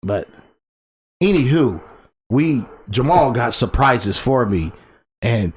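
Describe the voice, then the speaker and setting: A man in his thirties co-hosting a podcast, telling stories in a rambling, animated way and laughing often. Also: mid-range voice, slow, breathy edge. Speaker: podcast co-host. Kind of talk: casual storytelling chat. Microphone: desk microphone.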